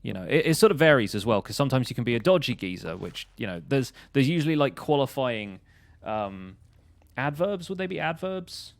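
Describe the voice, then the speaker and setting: A man's voice: medium pitch, big pitch swings, fairly quick, creaky, no room sound. A man chatting casually on a game stream, rambling and laughing often. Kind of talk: casual chat.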